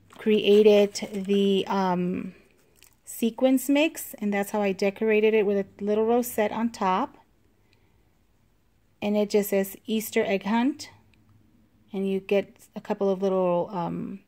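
A woman vlogger casually showing her handmade craft pieces, talking unhurriedly with frequent ums and pauses and gushing over the small details. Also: mid-range voice, a little mellow. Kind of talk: casual show-and-tell.

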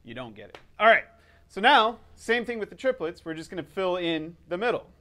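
A man teaching drums in a casual video lesson, relaxed and upbeat, counting in before he plays. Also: sits high, brisk. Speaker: drum teacher.

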